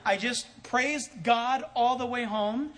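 A man's voice: extremely high pitch, slow pace, a bit bright. A man telling a story in a sermon as a pastor, acting out both sides of a conversation and chuckling often.

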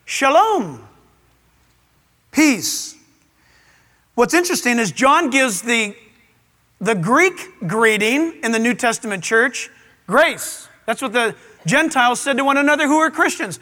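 A man preaching a sermon to a live audience in a large auditorium, animated, with playful asides. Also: very high-pitched, measured pace, pauses often, big-room sound. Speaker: pastor.

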